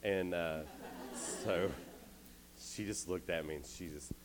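Man, thirties, very low voice, chatty storyteller, slightly tired, youth camp sermon. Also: takes it slowly, noisy background. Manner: chatty, self-deprecating storyteller. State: a little tired. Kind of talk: casual sermon with stories. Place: indoor camp meeting hall.

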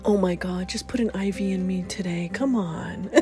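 Mellow-voiced bubbly woman podcast host. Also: a little slow, faint music behind. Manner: bubbly, laughs often, talks to her dog in a high baby voice. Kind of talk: casual morning podcast chat.

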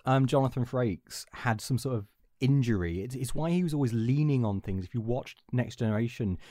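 A man's voice: medium pitch, warm tone, no echo, clean studio sound. A man from England co-hosting a podcast, rambling and restarting as he tells a story. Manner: rambling, self-interrupting storyteller. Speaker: podcast co-host. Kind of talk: casual chat.

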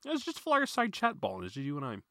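A man with a bright, lively voice reads listener questions aloud on a casual podcast. His delivery swings up and down, and the sound stays dry. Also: fairly high pitch, fast talker, no echo. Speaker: podcast co-host reading questions. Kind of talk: casual chat.

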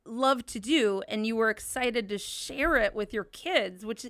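A woman's voice: a little high, measured pace, a bit bright, dry recording. A woman hosting a casual chat, reacting and reflecting on her guests' story.

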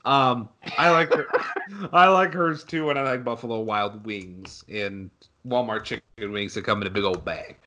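A man's voice: mid-range voice, moderate pace, background noise. A young man co-hosting a casual sports podcast, sarcastic and ranting, swearing freely. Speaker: podcast co-host.

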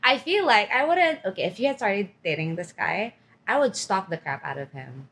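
A woman co-hosting a podcast in casual chat with her best friend, animated and teasing, often laughing. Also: mid-range voice, moderate pace. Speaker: podcast co-host.

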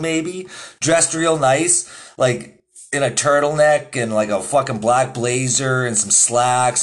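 A young man hosting his own podcast, telling a rambling, profane story in casual chat and laughing often. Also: mid-range voice. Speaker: podcast host.

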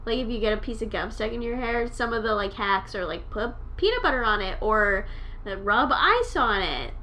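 A woman's voice: on the high side, expressive, normal speed, sharp tone, slight background noise. A woman co-hosting a podcast in casual chat, rambling and swearing playfully, with hiccups. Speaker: podcast co-host.

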